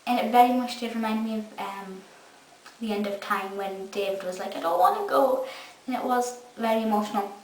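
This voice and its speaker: A woman's voice: medium pitch, fairly even intonation, a little fast, darkish tone. A young Scottish woman gushing through a casual episode review. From Scotland. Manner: enthusiastic, gushing. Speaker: fan reviewer. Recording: echoey room, mic far off, faint hiss.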